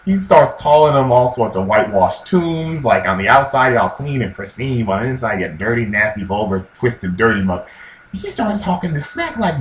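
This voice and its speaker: A man talks in a loose, slangy way about faith, and his pitch swings widely as he acts out quotes. The room is echoey, with faint ambient noise behind him. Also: sing-song, normal speed. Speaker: vlogger. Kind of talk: casual religious commentary.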